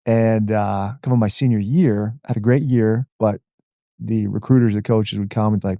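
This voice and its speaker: A man in his forties from the Washington D.C. area, a podcast guest telling his story in a lively conversational way, peppered with "man" and "like.". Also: on the low side, moderate pace, no room sound, studio quality. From Washington D.C. area, USA. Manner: animated, uses "man" and "like" a lot.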